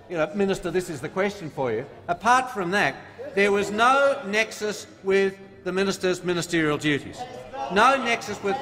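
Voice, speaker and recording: A man's voice: high voice, fairly bright tone. An Australian man, a government minister, giving a combative, mocking parliamentary debate speech and reading rules aloud. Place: parliament chamber. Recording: reverberant parliament chamber.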